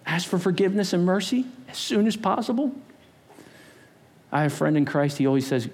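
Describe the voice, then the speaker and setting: Animated, lively-voiced preacher man. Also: high-pitched, a little fast, long pauses. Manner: animated, playful, acts out voices. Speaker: pastor. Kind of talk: sermon.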